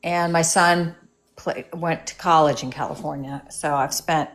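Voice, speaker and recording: A woman's voice: sits low, steady tone, measured pace. A middle-aged woman in a casual online discussion, talking hesitantly and often checking whether she has it right. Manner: hesitant, often asks for confirmation. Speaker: debate participant.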